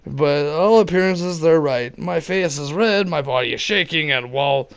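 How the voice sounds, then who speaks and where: A man reads a story aloud in a slightly high, gravelly voice. He drops in wry asides between passages, and when the story calls for it he shouts the lines out. It sounds like casual reading at home, not a polished production. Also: normal speed. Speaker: reader of online stories.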